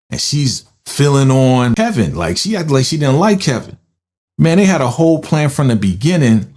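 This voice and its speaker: A man hosting a casual movie recap, telling the story in an animated way and tagging his sentences with quick "right?" checks to the listener. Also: fairly low pitch. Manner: animated storytelling, frequent "right?" tag questions.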